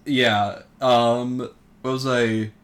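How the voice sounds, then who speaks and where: A man's voice: mid-range voice, fairly even intonation, extremely slow, fairly bright tone, clear, resonant tone. A young man co-hosting a casual podcast, talking in a laid-back, rambling way with many fillers. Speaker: podcast co-host.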